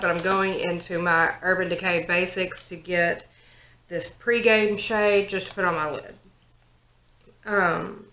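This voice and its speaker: A woman's voice: mid-range voice, bright, forceful tone. A young woman telling a story in a casual get-ready-with-me chat while doing her makeup, with lots of likes and ums. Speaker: vlogger, 911 operator. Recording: roomy home recording.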